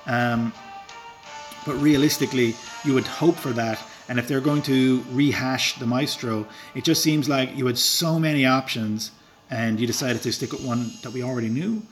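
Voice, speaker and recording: A man's voice: medium pitch, fairly even intonation, normal speed, soft background music. Rural Irish man chatting over gameplay. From Ireland. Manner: rambling and self-deprecating, with filler words and chuckles. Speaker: game streamer. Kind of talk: casual live-stream chat while gaming.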